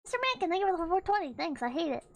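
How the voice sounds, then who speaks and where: A woman's voice: very high voice, very animated, rapid-fire, vocal fry, slight background noise. A woman streamer chatting casually, rambling with frequent laughs and swearing. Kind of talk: casual chat.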